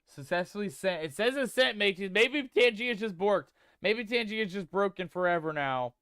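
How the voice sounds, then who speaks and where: A man's voice: sits high, expressive, moderate pace, a bit bright, clean tone, dry recording, clean studio sound. A man streaming a game, chatting casually and playfully with viewers he calls mateys while reading chat aloud. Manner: reads chat aloud and tests text-to-speech voices.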